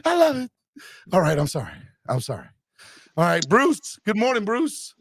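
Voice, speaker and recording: A man hosting a live sports podcast, loud and exuberant, shouting and cheering. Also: on the high side, huge pitch swings, normal speed, gravelly, dry recording, clean studio sound. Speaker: podcast host.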